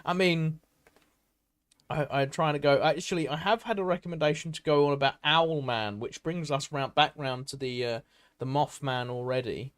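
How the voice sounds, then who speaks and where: Chatty British man, higher voice. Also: moderate pace. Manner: rambling, enthusiastic storyteller with many fillers. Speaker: podcast host. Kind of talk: casual chat.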